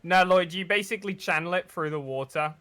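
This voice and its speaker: A young man narrating as dungeon master, playful and quick to laugh. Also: sits high, sharp tone, smooth. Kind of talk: narrating a tabletop game.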